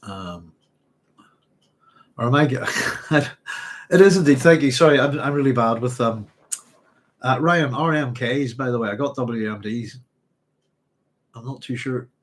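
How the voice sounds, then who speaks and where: Husky man chatting live. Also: medium pitch, unhurried, long pauses, fairly bright tone. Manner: rambling, hesitant, reading chat comments aloud. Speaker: live chat host. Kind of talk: casual live-stream chat.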